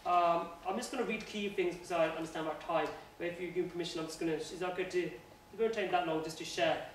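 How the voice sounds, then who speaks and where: High-voiced earnest man in echoey room. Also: steady tone, fast talker, far from the mic. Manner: earnest, conversational. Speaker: guest speaker at a university society. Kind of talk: informal religious talk. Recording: echoey room, voice from afar, faint noise.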